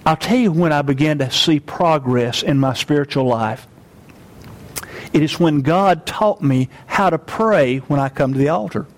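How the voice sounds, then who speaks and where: A man preaching with earnest emphasis, his voice sitting a little high. He slows down on the key phrases and calls on the congregation to repeat them with him. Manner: earnest, leads congregation in call-and-response. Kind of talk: sermon.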